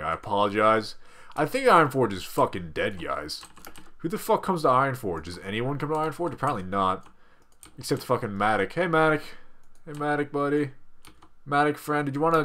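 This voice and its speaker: Young Australian man, gameplay commentator, profane and excitable, bright forward tone, desk mic. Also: medium pitch. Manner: excitable, swears constantly, yells at game characters. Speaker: gaming video host.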